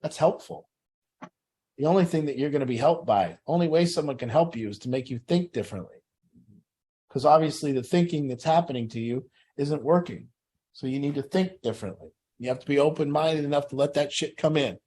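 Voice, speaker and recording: A man's voice: fairly high pitch, fairly quick, mellow, husky. A middle-aged man leading a recovery group, telling a personal story in a blunt, profane way.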